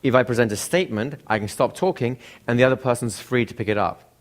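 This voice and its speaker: A man's voice: mid-range voice, fast talker. A man teaching a class, who keeps asking the room questions and acts out examples of speech intonation. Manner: asks the room frequent rhetorical questions. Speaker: instructor. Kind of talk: classroom lecture.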